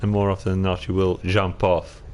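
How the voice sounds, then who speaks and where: Over soft background music, a man with a deep voice speaks at a moderate pace while streaming a game. He comments casually and calmly, musing to himself and reacting to his own gameplay.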